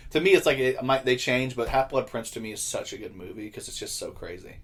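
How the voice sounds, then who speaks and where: Man, young adult, podcast co-host, husky voice, casual rambling chat, profane, jokey. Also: mid-range voice, lively intonation, fast talker.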